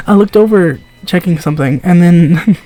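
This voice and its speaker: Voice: medium pitch, measured pace, darkish tone, faint music behind. A streamer reading a text game aloud, giggling often, stumbling over words and asking confused asides.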